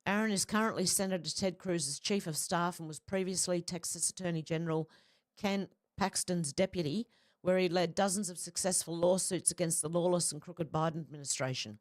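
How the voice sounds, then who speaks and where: Low-voiced Australian woman host, casual commentary, chatty reading of posts. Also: a little fast. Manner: chatty, laughs between reads.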